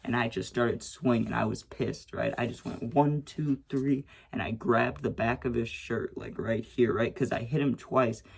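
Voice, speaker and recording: A young man tells a story in a loose, rambling way, checking in with "right?" after nearly every point. His voice is gravelly with a husky edge at an ordinary pitch. He swears casually and raises his voice when he acts out what was said. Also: fairly even intonation, moderate pace, few pauses. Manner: rambling, frequent "right?" and "you know what I'm saying"; swears freely, acts out shouted quotes.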